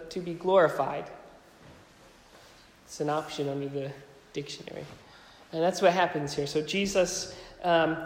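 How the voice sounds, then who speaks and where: A man's voice: high voice, echoey room, in a large hall, a little hiss or hum, poor audio. A man preaching a sermon as pastor, casual and conversational, with frequent ums and restarts.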